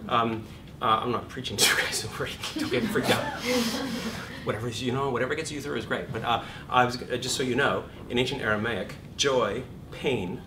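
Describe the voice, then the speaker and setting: Animated man teaching acting in an echoey room. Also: mid-range voice, fairly quick. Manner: animated, jokey, acts out inner voices. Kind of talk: lecture to a class. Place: classroom. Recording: echoey room, far from the mic, noisy.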